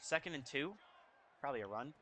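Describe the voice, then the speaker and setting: Bright-voiced young man reacting to gameplay. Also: medium pitch, brisk. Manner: excitable, reacting loudly to plays. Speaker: gaming YouTuber. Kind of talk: casual gameplay commentary. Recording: faint music behind.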